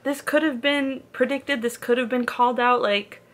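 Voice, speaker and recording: A young woman with a fairly high, steady voice talks at normal speed in a casual reading vlog. The book vlogger is emotional and rambling, with plenty of "like" and nervous laughter.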